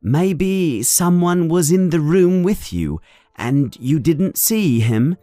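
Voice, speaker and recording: Brief: sore teen schoolboy, man voicing, groaning, slow, storybook. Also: fairly high pitch, expressive, mellow, no room sound, soft background music, voice pushed up. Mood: puzzled. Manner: groaning, plain-spoken. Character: groaning teenage boy, sore and tired. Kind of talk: storybook reading.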